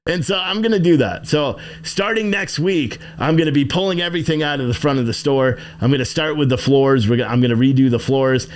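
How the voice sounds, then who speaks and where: A man hosts a casual livestream from inside his shop, rambling, cursing, reading chat comments, and plugging his own business. His mid-range voice moves a little fast with hardly any pauses.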